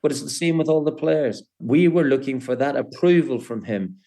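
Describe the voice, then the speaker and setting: An older man and former footballer, recalling old matches in a halting, restart-filled way. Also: medium pitch, animated. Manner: hesitant, many restarts, warm storytelling. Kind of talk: reminiscing interview.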